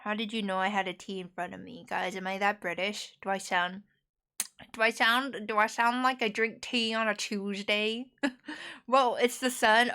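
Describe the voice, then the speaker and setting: A woman's voice: medium pitch, bright, forceful tone, clean tone. Young American woman streamer, giggly and talkative, casual chat. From United States. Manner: chatty, giggly, rambling.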